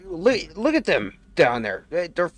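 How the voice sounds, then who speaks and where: A man voicing an angry, exasperated male adventurer who sputters and shouts in a tabletop game. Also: high-pitched, huge pitch swings, unhurried, pitched above the performer's own voice, full character voice. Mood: furious.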